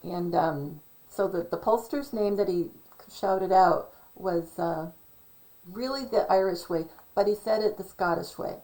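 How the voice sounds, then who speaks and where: A woman's voice: fairly low pitch, measured pace, mellow, poor audio. A woman hosting her own vlog, rambling casually and thinking aloud, spelling out names as she goes. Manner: many fillers and restarts, musing. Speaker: channel host.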